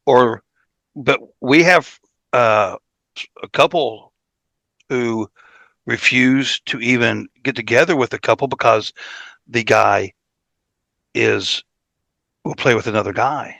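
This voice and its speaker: A man's voice: medium pitch, a little slow, vocal fry, pauses often, bright, forceful tone, no room sound. A man co-hosting a podcast, animatedly retelling conversations in casual chat. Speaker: podcast co-host.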